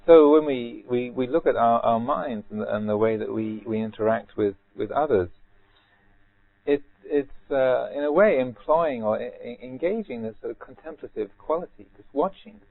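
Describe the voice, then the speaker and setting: A man, a Buddhist monk, giving a rambling, gently humorous retreat talk with many repeated words. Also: medium pitch, normal speed, gravelly. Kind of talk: retreat Dharma talk, anecdotal. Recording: tinny phone-like band.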